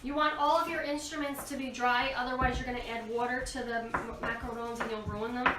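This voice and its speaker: A chatty woman in her thirties runs a home cooking demo, coaching her kids between steps, her voice pitched a little high. She is recorded from a distance in an echoey kitchen. Cutlery and dishes clink clearly behind her. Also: fairly even intonation, brisk, noisy background. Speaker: host of a home cooking show, mother. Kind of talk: casual cooking demonstration. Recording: echoey kitchen, far from the mic, clattering dishes.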